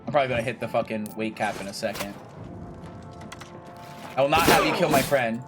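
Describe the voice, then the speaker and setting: A man's voice: mid-range voice, brisk, pauses often, over loud music. A young man casually commentating his gameplay, chatty and jokey, swearing freely and talking to himself and the game characters. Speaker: gaming video creator.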